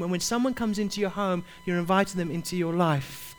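Man, preacher, sermon, high voice, earnest and repetitive delivery. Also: brisk, slight background noise. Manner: impassioned, repetitive, urges listeners directly.

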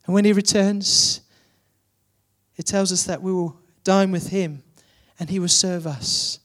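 A man's voice: high-pitched, steady tone, a little slow, a bit bright. A man preaching a sermon, building to emphatic repeated questions.

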